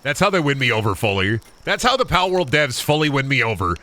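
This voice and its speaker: A man streaming a game, chatting casually in an animated, joking, crude way. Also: medium pitch, quick pace. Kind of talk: casual gaming stream chat.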